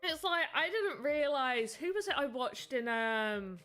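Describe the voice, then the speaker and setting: British woman streamer, slightly high and bright voice, rambling casual chat, faint music underneath. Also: expressive, a little slow. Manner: chatty, rambling, reads and answers chat. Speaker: livestreamer making voxel art.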